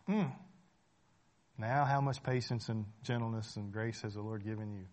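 A man's voice: lowish voice, normal speed, a little mellow. A man preaching a sermon in a conversational way, asking rhetorical questions, checking in with the listeners and repeating phrases for emphasis.

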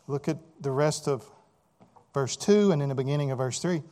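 A man's voice: medium pitch, normal speed, warm tone. A man preaching a sermon in a conversational way, often asking the listeners rhetorical questions and repeating words. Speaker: pastor.

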